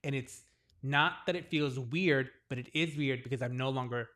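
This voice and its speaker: A man in his forties co-hosting a podcast, chatting casually and telling stories with lively acted-out quotes. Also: medium pitch, normal speed. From New England, US. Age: 40s. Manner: animated storyteller who acts out the voices of others in his stories. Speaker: podcast co-host. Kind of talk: casual chat.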